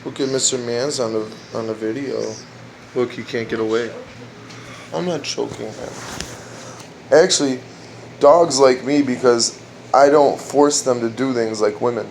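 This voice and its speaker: A man riffs through crude jokes in a dark room at home, rambling and restarting his lines as he goes. His voice sits at an ordinary middle pitch. A faint air-conditioning hum runs behind him. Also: steady tone, normal speed. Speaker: amateur comedian trying out jokes. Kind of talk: casual joke-telling at home.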